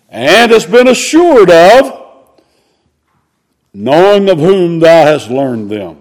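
A man preaching, reading scripture aloud and explaining it, rising to loud exclamations. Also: fairly high pitch, sing-song, slow pace, long pauses. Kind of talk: expository sermon.

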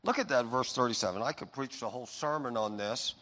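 Man, pastor, sermon, bright forceful voice, loud-to-soft emphasis, long hall reverb. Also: mid-range voice, fairly quick, hardly any pauses. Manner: swings from loud emphatic preaching to soft intimate reassurance.

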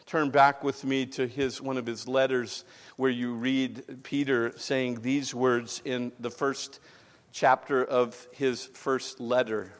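A man preaching a sermon as pastor, rising to loud emphatic peaks and dropping to hushed lines. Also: medium pitch, long reverb tail. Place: church sanctuary.

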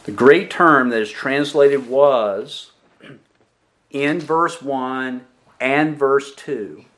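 Slow, deliberate male preacher. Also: mid-range voice, fairly bright tone. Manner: slow and deliberate, asking the congregation questions and answering them; stresses key words with emphatic pauses. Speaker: pastor. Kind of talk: expository sermon.

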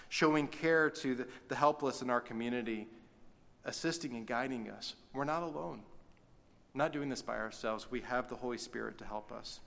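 A man's voice: medium pitch, creaky, fairly bright tone. A man preaching a sermon as pastor, conversational, with folksy asides. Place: church sanctuary. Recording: long reverb of a church hall.

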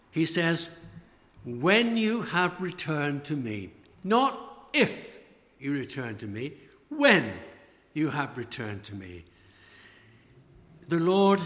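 A man preaching a sermon, slow and emphatic, letting phrase ends fall away. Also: on the high side, fairly bright tone. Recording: long church reverb.

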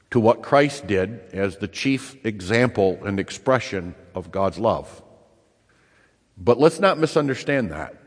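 A man preaching a sermon, emphatic, repeating key phrases and slowing down to stress them. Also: fairly low pitch. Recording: long reverb in a large hall.

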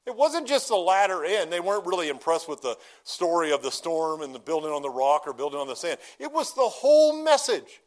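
High-voiced man preaching conversationally. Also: sing-song. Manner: conversational teaching, asks the congregation questions; slows down to stress key phrases. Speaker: pastor. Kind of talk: sermon.

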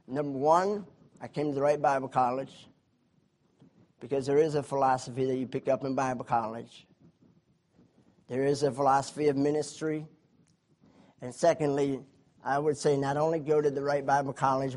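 A man preaching a sermon, his voice swelling loudly on key points and dropping low between them. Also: fairly even intonation. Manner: preaching with surges of volume and drawn-out emphasis. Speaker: pastor.

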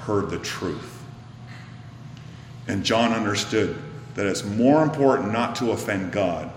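A man's voice: lowish voice, background noise. Preacher man in an echoey hall. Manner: dramatic swings from loud emphatic to hushed whisper. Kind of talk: sermon. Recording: echoey hall, faint ambience.

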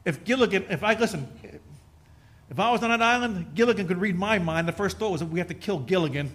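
Middle-aged male pastor, high-pitched and bright, folksy sermon delivery that builds to fervor. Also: quick pace. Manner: folksy, joking asides, rising to fervent preaching.

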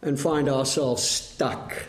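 Man, preacher, sermon, slow and measured, asks the congregation questions, echoey room. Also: medium pitch, fairly even intonation.

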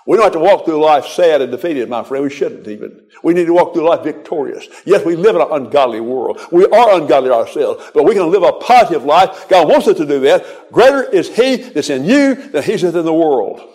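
A man's voice: fairly high pitch, lively intonation, brisk, few pauses, darkish tone. An older man preaching a folksy, exhorting sermon, quoting scripture in a rhythmic cadence.

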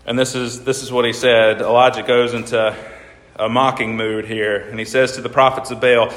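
A man's voice: medium pitch, flat delivery, normal speed, fairly bright tone. Man preaching in an echoey hall. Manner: asks the congregation questions, reads scripture aloud. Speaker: pastor. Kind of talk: sermon.

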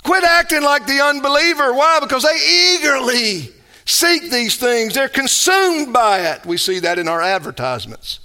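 A male pastor preaching a sermon, emphatic, moving between loud exhortation and quiet storytelling. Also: very high voice, sing-song, moderate pace.

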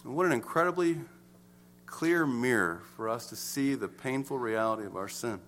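A man preaching a sermon, swinging from emphatic to hushed as he explains. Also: medium pitch, lively intonation, normal speed, a little hiss or hum. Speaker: pastor.

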